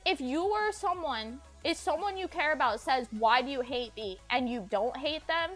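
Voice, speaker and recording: A woman's voice: high-pitched, lively intonation, normal speed, fairly bright tone, soft background music. A young woman streamer telling an upsetting family story, agitated and swearing, often raising her voice to replay arguments. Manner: agitated, swears, acts out quotes in raised voice. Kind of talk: emotional storytime chat.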